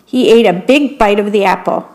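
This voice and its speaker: A woman volunteer reading a bedtime story aloud on the radio, gentle and describing the pictures for listeners. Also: mid-range voice, normal speed.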